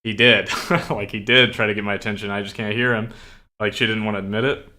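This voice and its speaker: Young man, streamer, casual rambling chat, lots of fillers, bright edgy tone, lowish voice. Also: fairly even intonation, fast talker.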